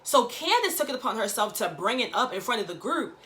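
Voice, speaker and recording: A woman recapping a reality show in a gossipy, slangy, animated chat, acting out quotes. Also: fairly high pitch, a little fast.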